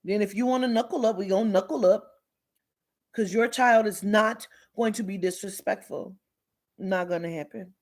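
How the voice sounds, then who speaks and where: A woman hosting a live stream, talking straight to her viewers in a blunt, forceful way. She swears freely, hammers home her warnings over and over, and calls out commenters by name as she goes. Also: mid-range voice, moderate pace. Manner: blunt, emphatic and profane; lectures sternly with repeated warnings. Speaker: livestream host.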